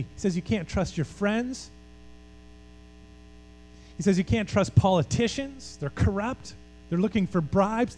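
A man's voice: high voice, warm tone, a little hiss or hum, rough recording. A male pastor giving a sermon in an emphatic, conversational way, asking the congregation questions.

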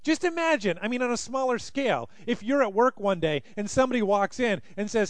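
A man preaching a sermon, telling a story in an animated way and acting out the people he quotes. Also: high-pitched, fast talker, few pauses, no echo. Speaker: pastor.

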